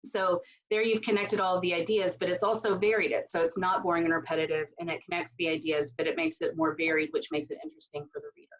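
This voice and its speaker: A woman's voice: fairly low pitch, little pitch movement, quick pace, few pauses, muffled recording. A woman teaching a casual recorded writing lesson from home, speaking loosely with many fillers and asides. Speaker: writing instructor.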